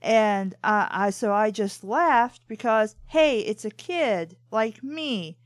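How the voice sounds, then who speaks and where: A woman's voice: medium pitch, expressive, takes it slowly, no echo, studio quality. A woman co-hosting a casual talk show, telling long rambling stories about watching cartoons. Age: adult. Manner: rambling, full of "I'm like" and restarts. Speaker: podcast co-host. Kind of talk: casual chat, anecdotal storytelling.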